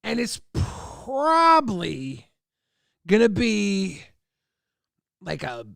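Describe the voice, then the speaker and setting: A man's voice: sits high, wildly swooping pitch, extremely slow, creaky, fairly bright tone, clear, resonant tone, dry recording, clean studio sound. A man hosting a livestream, telling a boisterous, profane, exaggerated comic story to his chat. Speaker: livestream host.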